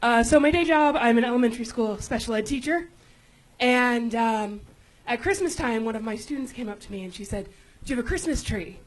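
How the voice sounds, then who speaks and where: A woman's voice: a little high, fairly quick, a little hiss or hum, rough recording. A woman doing a stand-up set on a comedy club stage, dry and self-deprecating.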